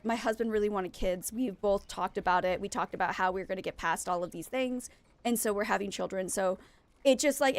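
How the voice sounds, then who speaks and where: A woman's voice: a little high, dry recording. A young adult woman streaming a game and chatting candidly with her viewers, venting emotionally and often restarting her sentences. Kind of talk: casual chat with viewers while gaming.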